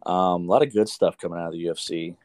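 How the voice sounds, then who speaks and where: A fairly low-voiced American man rattles off fight cards and game scores in loose, profane sports-show chat. He stumbles over names and laughs them off. The sound is dry and close, with no room around it. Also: fairly even intonation, fast talker, darkish tone, clear, resonant tone, no room sound. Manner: casual, swears often, stumbles over names. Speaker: sports podcast co-host.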